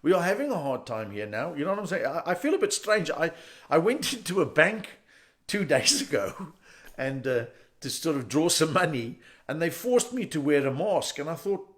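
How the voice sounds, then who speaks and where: A middle-aged man with a South African accent performing a stand-up comedy set, an animated storyteller who jumps into loud character voices. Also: on the high side, normal speed. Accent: South African English.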